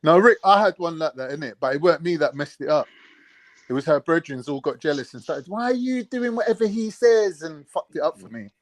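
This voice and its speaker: A man's voice: a little high, brisk, dry recording. A man joking in slangy casual banter on a live online panel. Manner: joking, slangy, quotes other people in put-on voices.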